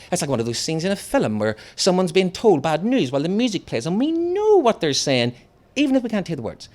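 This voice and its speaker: Northern Irish man, author reading his book, comic storytelling, lively pitch. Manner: expressive, comic first-person storytelling. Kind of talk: reading his novel aloud.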